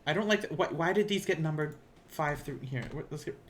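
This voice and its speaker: A slightly high-pitched man speaks a little fast, with a bit of hiss or hum on the audio and keyboard typing in the background. He has a Southern US accent and teaches a language on a casual livestream, rambling self-deprecatingly as he thinks aloud.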